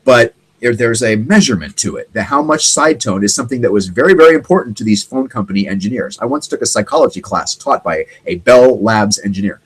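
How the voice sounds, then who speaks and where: A man's voice: lowish voice, brisk, few pauses, husky, poor audio. Guy hosting his own talk show, rambling on, voice jumps around a lot. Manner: rambling and animated, mimics people's voices. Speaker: podcast host. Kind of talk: casual solo talk show.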